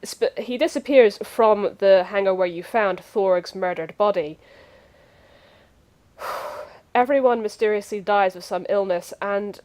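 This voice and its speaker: A woman with a mid-range voice speaks briskly and insistently, pressing her case. She is a player in a casual tabletop game. She is heard through a voice-call mic. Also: medium pitch, a little mellow.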